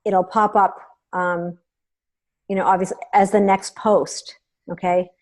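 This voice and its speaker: A woman hosting a meeting, giving a chatty hands-on software tutorial and often checking in with her listeners. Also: mid-range voice, flat delivery, a little slow. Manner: chatty and instructive, checks in with "okay?". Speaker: meeting host.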